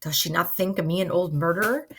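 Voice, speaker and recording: A woman's voice: lowish voice, fast talker, fairly bright tone, slight background noise. A woman voicing an anguished young man stricken with grief, asking desperate questions in a dramatic reading of a play.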